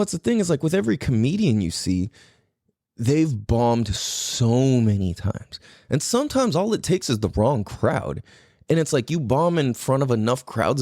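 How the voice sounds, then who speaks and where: Male podcast host from California, mellow, dry close sound, loose rambling delivery, lots of cursing. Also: mid-range voice, no echo. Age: adult parent. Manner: rambling, heavy swearing, frequent fillers. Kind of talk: casual solo podcast monologue.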